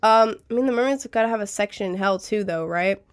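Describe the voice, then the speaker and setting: A woman's voice: medium pitch, quick pace, smooth. Giggly young woman streamer with a cold. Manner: rambling, giggly, chatty, reads chat aloud. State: has a cold. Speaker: live streamer. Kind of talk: casual live-stream chat.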